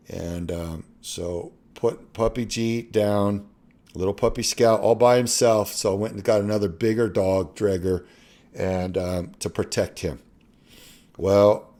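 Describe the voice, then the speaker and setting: A middle-aged man telling a personal story in a halting, earnest way that often trails off softly. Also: low voice.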